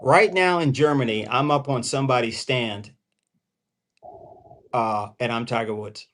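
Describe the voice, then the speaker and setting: A man's voice: mid-range voice, a little slow, a bit bright. A man hosting a casual call-in panel show, telling stories and laughing easily. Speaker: show host. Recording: call-in stream audio.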